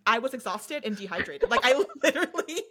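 A young adult woman hosting a podcast in casual chat, telling stories with lively acted-out quotes and frequent laughter. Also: on the high side, fairly quick. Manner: animated storyteller acting out quotes, laughs often. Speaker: podcast host.

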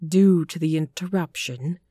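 A woman's voice: sits low, warm tone, slightly rough, no room sound, clean studio sound. A woman doing a sinister, sonorous male stage hypnotist. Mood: mocking. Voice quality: sonorous, slow, purring. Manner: measured and commanding, mocking.

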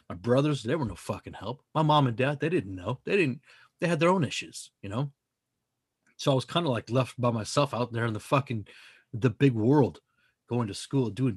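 Podcast guy, husky voice, dry close sound, swears a ton, keeps hammering his point. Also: medium pitch, no room sound. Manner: profane, emphatic, rambling. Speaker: podcast co-host. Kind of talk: casual podcast chat.

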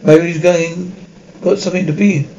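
An actor playing a brisk, terse police detective, speaking in clipped, dry questions in a TV crime drama. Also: male voice, a little high, steady tone, gravelly, mellow, dull audio, a little hiss or hum.

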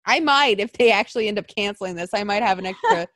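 A young woman co-hosting a podcast, venting and swearing in casual chat, lurching between mumbles and loud outbursts. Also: mid-range voice, expressive, fast talker, no room sound, studio quality. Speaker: podcast co-host.

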